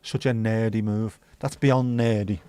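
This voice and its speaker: A livestream host with a fairly low, dark, clear and resonant voice speaks at a measured pace in a steady tone. He keeps things laid-back, chatting casually, reacting to viewer comments and swearing freely throughout.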